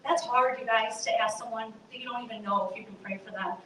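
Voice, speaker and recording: Speaking quickly in a steady, slightly high voice with a bright, forceful tone, a woman gives students an earnest, conversational talk in a chapel hall, addressing them directly. The recording is echoey and distant, with faint noise.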